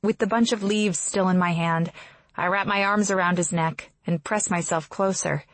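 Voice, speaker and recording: A woman's voice: fairly low pitch, steady tone, normal speed, no room sound. Woman narrating a fantasy romance. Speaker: audiobook narrator.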